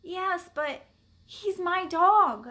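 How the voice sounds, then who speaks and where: A woman's voice: very high voice, lively intonation, very slow, sharp tone, pitched above the performer's own voice, full character voice. A woman voicing an earnest, hot-tempered young boy who speaks sharply and urgently.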